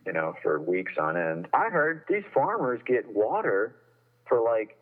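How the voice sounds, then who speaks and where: A man's voice: on the low side, sing-song, a little slow. A man calling in, talking casually and rambling with many restarts as he complains. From Northern California. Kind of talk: casual chat. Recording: tinny phone line.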